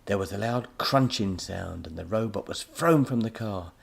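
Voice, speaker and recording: A man narrating a children's story as an expressive audiobook reader. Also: lowish voice, normal speed, vocal fry, slightly rough.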